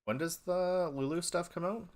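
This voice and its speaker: Man co-host, dry joking hockey banter, relaxed live chat. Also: sits high, moderate pace. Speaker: podcast co-host. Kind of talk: casual live-stream chat.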